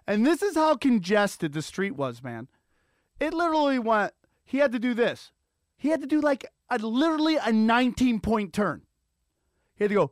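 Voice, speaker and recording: A man with a high, bright-sitting voice tells a profane, animated story as a podcast host. He acts out sirens and quoted lines as he goes, and his excitement builds as he talks. The sound is close and dry, with no room behind him. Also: fairly quick, no echo. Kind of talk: animated solo storytelling rant. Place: Los Angeles area.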